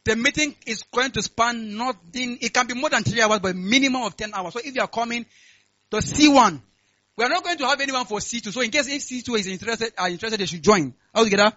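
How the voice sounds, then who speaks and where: This pastor's voice is very high and his delivery fast, captured dry with no room sound and a lo-fi quality. Preaching in church, he gives announcements, leads prayer, and often asks his congregation "are we together?" in a call-and-response style that climbs into loud, fervent praying.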